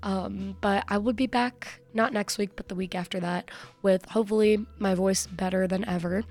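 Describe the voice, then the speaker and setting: A woman DJ on a college radio station talks into a studio microphone, her voice hoarse from losing it. She chats casually, and some words drop into a breathy near-whisper. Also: mid-range voice, steady tone, normal speed, darkish tone. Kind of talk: casual radio show sign-off.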